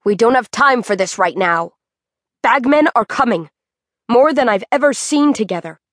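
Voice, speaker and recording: Young woman archer, cool and firm, even delivery, dry close sound, read by a woman narrator. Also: fairly high pitch, normal speed, no room sound, lightly acted.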